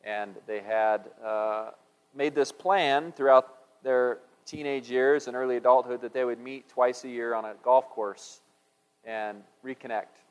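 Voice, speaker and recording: A man tells jokes and stories from the pulpit in a loose, folksy way, full of fillers and restarts. His voice sits at an ordinary pitch. The sound rings with the long reverb of a large hall. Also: fairly even intonation, a little slow, smooth. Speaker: preacher.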